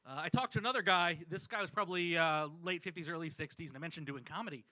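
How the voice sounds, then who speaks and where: A man tells a stand-up story on a small club stage, wry and self-deprecating. His voice sits high and rings very bright. The mic picks him up close and dry. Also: quick pace, no echo, low-quality recording. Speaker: stand-up comedian. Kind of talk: stand-up set.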